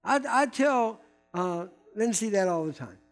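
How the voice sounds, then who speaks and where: Older guy preaching, high-pitched voice, faint music under it, repeats words for emphasis. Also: expressive, a little slow. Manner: emphatic, repeats key words, swings from loud to hushed. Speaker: pastor. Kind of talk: sermon.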